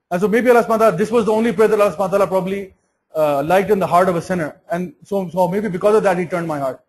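A man's voice: high-pitched, very fast, poor audio. A man giving an earnest Islamic sermon, often restarting and repeating words. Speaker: Islamic preacher.

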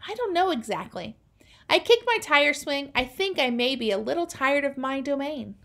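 A woman's voice: high-pitched, sing-song, moderate pace, gravelly, pushed and bright. Woman reading a children's novel aloud. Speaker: reader.

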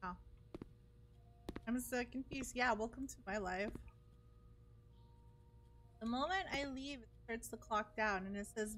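A woman streaming a game, excitable and playfully dramatic, who breaks into mock wailing. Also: sits high, moderate pace, long pauses. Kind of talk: casual gameplay commentary. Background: music.

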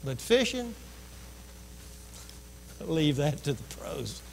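Male pastor preaching, higher than usual pitch, echo of a large church hall. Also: sing-song, slow, creaky, a little hiss or hum. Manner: storytelling preacher who acts out voices. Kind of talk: sermon. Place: church sanctuary. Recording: long reverb of a church hall.

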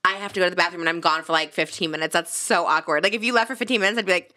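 A young woman hosting a podcast, pregnant, chatting casually in a giggly, animated, easily grossed-out way. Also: lowish voice, racing. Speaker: podcast host. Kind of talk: casual chat.

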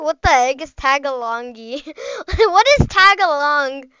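Woman, gaming host, high bright voice, excitable rambling play-by-play, dry close sound. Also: measured pace, no echo, lo-fi sound. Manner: excitable, chatty, rambling with frequent "like" and "bro". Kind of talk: live gameplay commentary.

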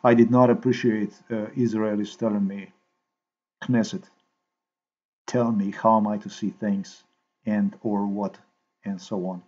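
A man talking to his viewers in a rambling, halting way while he edits a video, repeating himself and filling gaps with "you know". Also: fairly low pitch, little pitch movement, darkish tone, dull audio. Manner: repetitive, halting, thinks aloud with many fillers. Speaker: video maker.

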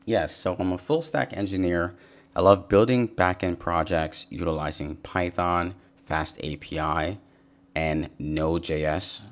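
A man giving a relaxed, upbeat screen-share coding tutorial as a software developer. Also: low voice, measured pace. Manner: relaxed, upbeat, says "sweet" and "awesome". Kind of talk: casual screen-share walkthrough.

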